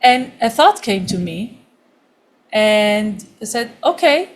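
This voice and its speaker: A woman in her thirties teaching an online class, telling stories in a lively way and laughing often. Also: mid-range voice, slow. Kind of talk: class Q&A storytelling. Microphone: video call.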